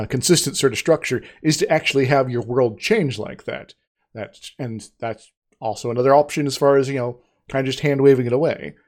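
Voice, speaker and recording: A man's voice: medium pitch, a little mellow. A man co-hosting a casual discussion who hesitates, restarts his sentences and rambles through long explanations.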